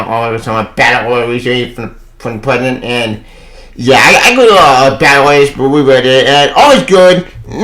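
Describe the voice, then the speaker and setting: A young man giving a casual video review of a comic book, excitable and gushing, stumbling over his words and swearing now and then. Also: on the high side, rough recording.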